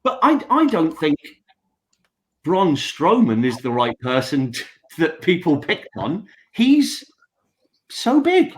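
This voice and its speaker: A man's voice: on the high side, wildly swooping pitch, takes it slowly, poor audio. A man co-hosting a wrestling podcast, chatting casually and mocking quotes in put-on voices. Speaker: podcast co-host.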